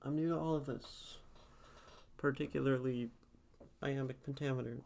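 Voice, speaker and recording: A man's voice: mid-range voice, fairly even intonation, moderate pace, creaky, a little mellow. An American man streaming casually, thinking aloud in a hesitant way with many fillers. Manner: musing, hesitant, lots of fillers.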